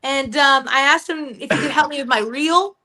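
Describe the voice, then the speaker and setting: A woman's voice: high voice, normal speed, bright, forceful tone. A woman in her twenties, a guest on a live podcast, telling stories in casual chat, profane and bubbly, often mimicking other people's voices. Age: 20s. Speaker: guest actress and co-writer.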